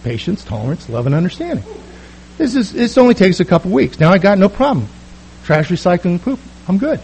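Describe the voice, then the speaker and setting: A man's voice: high-pitched, big pitch swings, a little fast, a little mellow, breathy edge, low-quality recording. A middle-aged man telling a comic, self-mocking personal story to a recovery meeting.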